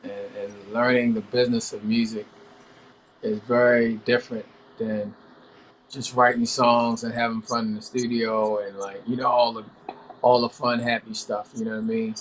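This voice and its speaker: A middle-aged male R&B singer giving a measured, explanatory interview answer. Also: medium pitch, flat delivery, slight background noise, poor audio. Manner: measured, explanatory, says "you know what I mean". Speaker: R&B singer guest.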